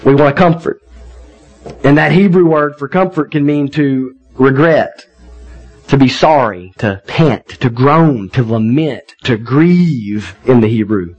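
A man's voice: mid-range voice, slow pace, a little mellow, lo-fi sound. A man in his thirties, a pastor preaching a sermon in a conversational, folksy way, often checking in with his listeners.

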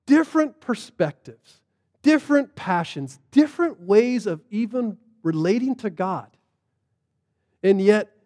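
A man's voice: high-pitched, a little mellow, big-room sound. A man preaching a sermon, telling the story casually and animatedly, with plenty of fillers. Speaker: pastor.

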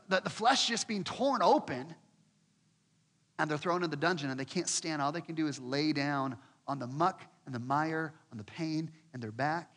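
A man's voice: on the high side, long reverb tail. A man preaching a sermon, telling a scripture story and acting out the inner voices of the people in it. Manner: expressive preaching, acts out quoted voices, repeats words when building. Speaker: pastor.

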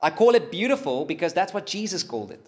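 A man preaching a sermon, emphatic and pausing, rising for emphasis. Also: sits high, sing-song, a little mellow. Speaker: pastor.

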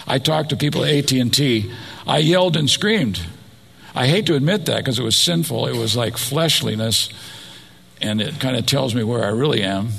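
Gravelly man preaching a sermon. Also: mid-range voice, fairly bright tone. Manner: rhetorical questions, personal asides.

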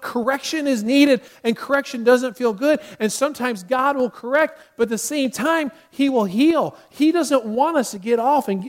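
A middle-aged man preaching a sermon as a pastor, earnest, with sudden acted outbursts. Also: high-pitched.

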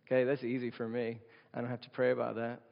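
Recorded with long hall reverb and dull lo-fi sound in a church sanctuary, a male pastor delivers a conversational sermon and often asks the congregation questions. His mid-range voice is creaky and monotone, and he speaks quickly.

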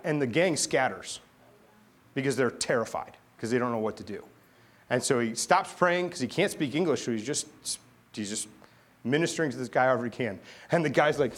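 Lively, animated male preacher. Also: medium pitch, husky. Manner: animated storytelling with dramatic pauses. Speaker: pastor. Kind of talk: sermon.

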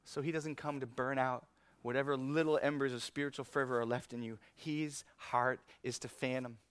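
A male pastor preaching a sermon in an animated, conversational way, chuckling often. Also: mid-range voice, normal speed, clear, resonant tone, no echo. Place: church.

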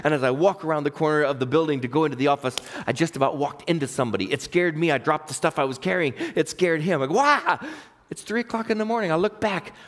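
A man preaching a sermon, swinging between emphatic, raised exhortation and quiet personal storytelling. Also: on the high side, fast, hardly any pauses. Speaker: pastor.

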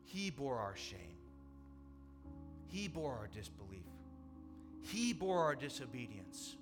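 A middle-aged man, a pastor, preaching a sermon, moving from hushed storytelling to loud, impassioned preaching. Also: medium pitch, very animated, slow pace, over music.

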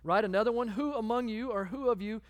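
Preacher telling a story. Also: male voice, sits high, fast. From Texas. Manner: conversational, animated storyteller. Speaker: guest preacher. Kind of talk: sermon storytelling. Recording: long hall reverb.

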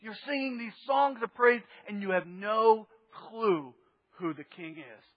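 A man preaching a sermon in a church sanctuary, telling the story in an animated way and swinging between loud bursts and near-murmurs. The recording is dull and lo-fi with a long hall reverb. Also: high-pitched, a little slow. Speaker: pastor.

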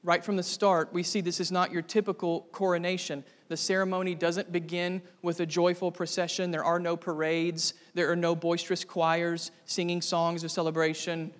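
A man's voice: sits high, little pitch movement, normal speed, few pauses, long reverb tail. A man preaching a sermon to a congregation, earnest and building to fervent emphasis. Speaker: pastor.

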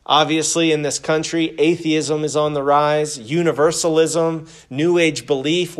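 A man preaching a sermon as pastor, earnest, reading scripture aloud and praying with his listeners. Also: on the high side. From United States. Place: church.

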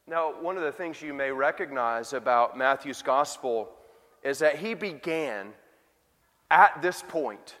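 A pastor delivers a sermon in a conversational way, putting rhetorical questions to his listeners. His voice sits high and a bit bright, with lively intonation at normal speed, and a long reverb tail trails after it.

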